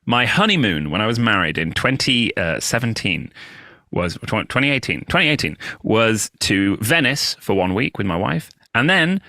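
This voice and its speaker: A British man from the UK, a guest comedian telling animated stories in a casual podcast chat and acting out other people's voices. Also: on the low side, moderate pace, no echo. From United Kingdom. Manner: animated storyteller who acts out quoted voices.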